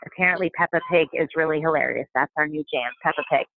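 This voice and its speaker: A woman's voice: sits low, fast talker, noisy background. A woman chatting casually as a podcast guest, rambling with many fillers and restarts. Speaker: podcast guest, stay-at-home mom. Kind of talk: casual chat. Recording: dry tinny phone-like sound.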